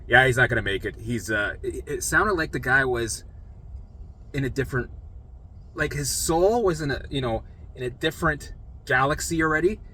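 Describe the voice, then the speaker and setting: A young man bluntly and casually tells the story of his recovery, swearing freely and acting out what other people said. His mid-range voice is pushed and bright, moving at normal speed with frequent pauses, with a little hiss or hum in the background.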